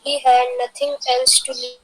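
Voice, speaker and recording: A student reads a passage aloud for her teacher. Her voice sits high, and she reads carefully with some hesitation over words. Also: little pitch movement, rough recording. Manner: careful, halting reading. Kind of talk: reading aloud in class.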